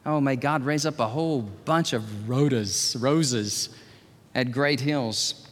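A man preaching a sermon as pastor of a church, animated and swinging from hushed tones to near shouts. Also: mid-range voice, takes it slowly. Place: large church hall. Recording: long hall reverb.

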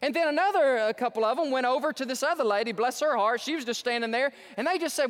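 A man preaching a sermon as pastor in a large church, folksy and excitable, often restarting his words. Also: very high voice, fast, hardly any pauses, big-room sound.

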